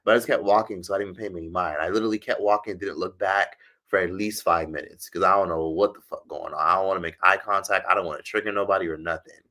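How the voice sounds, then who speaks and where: A man's voice: sits low, steady tone, fast, pushed and bright. A man chatting casually on a livestream, reading comments and rambling with loose, profane talk. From United States.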